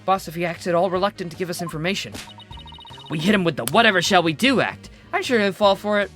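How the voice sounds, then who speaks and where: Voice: mid-range voice, fast talker, fairly bright tone, soft background music, pitched above the performer's own voice, close to an everyday voice. A streamer voicing an upbeat young woman defense attorney while reading game dialogue aloud, in a bubbly and bossy manner. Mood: eager.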